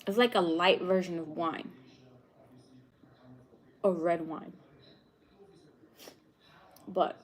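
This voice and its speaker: Young New York woman vlogger, relaxed and drawn-out, chatty with frequent laughs. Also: fairly low pitch. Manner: laughs often, chatty, drawn-out slow speech. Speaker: vegan cooking vlogger. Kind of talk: casual chat with live viewers.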